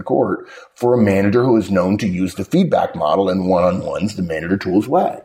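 A man hosting a podcast, talking casually and emphatically, with sudden jumps in pitch and frequent restarts as he tells stories. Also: a little fast, hardly any pauses, warm tone. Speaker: podcast host. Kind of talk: casual podcast talk on management.

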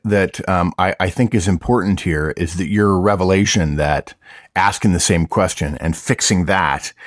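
A man's voice: low-pitched, no echo, studio quality. A man co-hosting a casual chat, explaining an idea thoughtfully with frequent restarts. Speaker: co-host, management consultant.

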